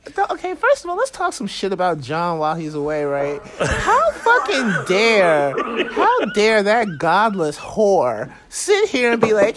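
A man chatting casually on a podcast, camp and animated, swearing often. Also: high voice, measured pace, noisy background. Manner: profane, campy and animated. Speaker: guest. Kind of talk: casual chat. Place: Bay Area.

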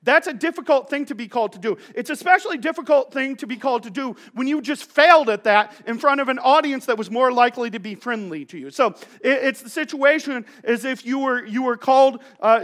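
Man with a very high voice, pastor, casual joking sermon, storytelling asides. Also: fairly bright tone.

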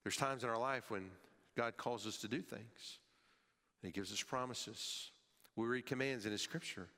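A male pastor preaching a sermon, emphatic, his voice rising and falling sharply and dropping low at the ends of phrases, sometimes repeating words as he restarts. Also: moderate pace, pushed and bright. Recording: long hall reverb.

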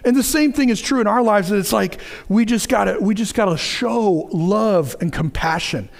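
A man's voice: sits high, normal speed, vocal fry. A middle-aged man preaching a sermon, earnest and repetitive, telling a story with stammered restarts. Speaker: pastor.

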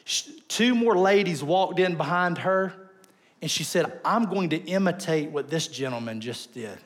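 A man preaching a sermon, telling stories with lively swings between loud bursts and soft asides. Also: on the high side, measured pace. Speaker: pastor.

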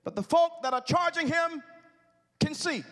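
Brief: male preacher, very high voice, fiery church sermon with shouted call-and-response. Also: a little slow.

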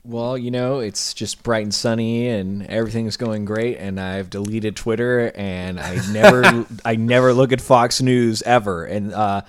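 A man co-hosting a podcast who talks casually with dry, deadpan sarcasm. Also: lowish voice, measured pace, few pauses, no echo. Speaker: podcast co-host. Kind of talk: casual chat.

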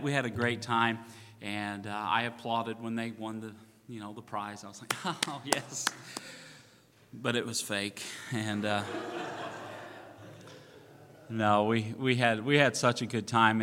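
A pastor man spins a playful, self-mocking story from the pulpit. His voice is bright and forceful, with a long echo trailing through the church hall. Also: mid-range voice. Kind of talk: sermon. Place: church sanctuary.

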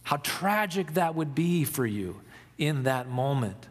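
A pastor giving an Easter sermon, reflective and storytelling, dropping soft for emphasis. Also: male voice, fairly high pitch, very animated, long reverb tail. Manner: slow, reflective, dramatic pauses, soft for emphasis.

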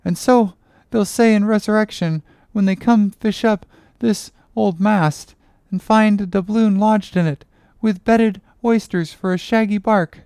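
A woman's voice: medium pitch, a little slow, few pauses, dark tone, clear, resonant tone, no room sound, studio quality, natural voice. A woman voicing a crazed young cabin boy in an audiobook, chanting and rambling in a sing-song way. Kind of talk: audiobook character reading.

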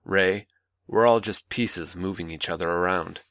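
A man playing a manipulative older male mentor, calm, patronizing and coaxing, in a dry close recording. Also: sits low, unhurried, no room sound.

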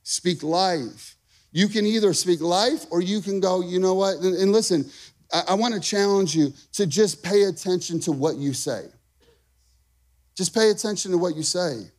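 A man in his thirties, a pastor preaching a lively, conversational sermon, calling out to the congregation. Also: high-pitched, moderate pace. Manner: energetic, conversational preaching with call-and-response.

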